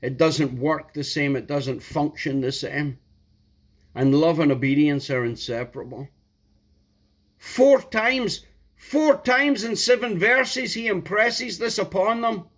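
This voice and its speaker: A man's voice: a little high, animated, takes it slowly, fairly bright tone. A man preaching a sermon, emphatic and repeating key words for stress.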